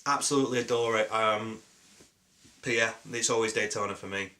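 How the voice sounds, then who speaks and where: A young British man with a sore throat and a cold, answering viewer questions in a rambling, jokey, deadpan way with many ums. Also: lowish voice, fairly quick. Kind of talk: rambling casual Q&A.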